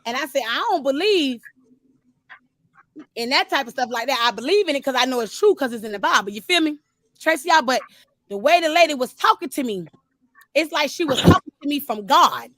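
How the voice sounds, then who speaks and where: High-voiced woman telling her story. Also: a little fast, no echo. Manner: animated storytelling, talks straight to listeners. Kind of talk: casual testimony.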